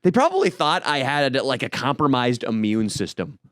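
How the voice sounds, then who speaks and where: A man from the Sacramento Valley, co-hosting a comedic podcast with animated, ranting riffs. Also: medium pitch, normal speed, no room sound, studio quality. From Sacramento Valley, California. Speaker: podcast co-host. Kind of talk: comedic casual chat.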